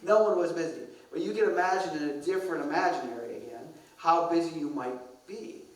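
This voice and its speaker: A man's voice: a little high, brisk. A middle-aged man speaking to pastors at a conference, telling wry, self-deprecating stories. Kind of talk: humorous storytelling lecture. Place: large conference hall. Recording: echoey hall from a distance.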